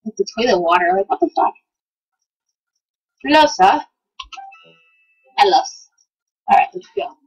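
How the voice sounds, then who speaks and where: A woman giving excitable, profane commentary while playing a game, talking back to the characters on screen. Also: mid-range voice, measured pace, pauses often, husky, rough recording. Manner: excitable, swears a lot, talks to game characters. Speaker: let's play gamer. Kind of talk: casual gameplay commentary.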